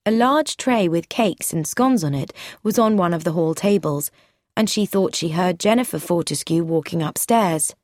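A woman narrating a story aloud in a measured, clear, even way. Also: lowish voice, dry recording, clean studio sound.

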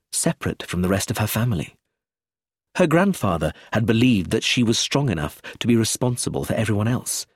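Male storybook narrator, husky tone, lively pitch, dry close sound. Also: no room sound. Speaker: audiobook narrator.

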